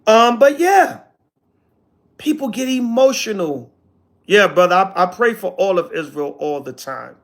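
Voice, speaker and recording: Here the man's voice sits high, with lively intonation and an unhurried delivery. As an elder figure on a casual teaching stream, he reads chat comments and answers them, peppering his talk with sarcastic, slangy asides.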